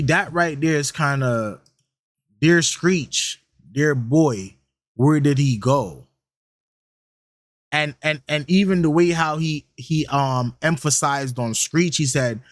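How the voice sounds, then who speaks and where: A man's voice: on the high side, no echo, studio quality. A young man hosting a reaction video, talking casually in a slangy, rambling way, repeating lines back and musing over them with many restarts. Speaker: reaction channel host.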